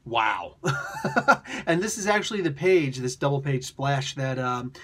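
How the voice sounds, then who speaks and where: A man casually reviewing a comic book, chatty and animated, slipping into quick character voices. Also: medium pitch. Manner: chatty, with many fillers and restarts.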